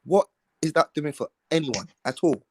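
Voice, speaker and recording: A man's voice: on the high side, animated, normal speed, darkish tone, breathy edge, dry recording. A man, rambling with lots of fillers and slang in a panel discussion.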